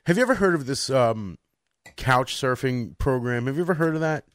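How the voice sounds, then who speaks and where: Mid-pitched man joking through show banter. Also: animated, no room sound, studio quality. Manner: joking, quick interjections. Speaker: radio show co-host. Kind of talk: casual banter.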